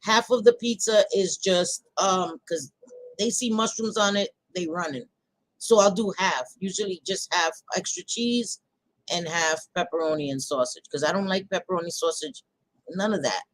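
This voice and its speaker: A woman's voice: fairly low pitch, normal speed, poor audio. Blunt, chatty woman on a live chat. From New York. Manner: chatty, blunt, laughs often, swears casually. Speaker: livestream host chatting with viewers. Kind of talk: casual live chat reading comments.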